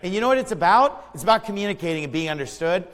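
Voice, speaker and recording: An American man delivers a sermon in a fairly high voice, emphatic one moment and chatty the next, often repeating himself. His voice rings out with the long reverb of a hall. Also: lively intonation, rapid-fire, a bit bright. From United States. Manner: emphatic and conversational, with asides and repeated words. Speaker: pastor.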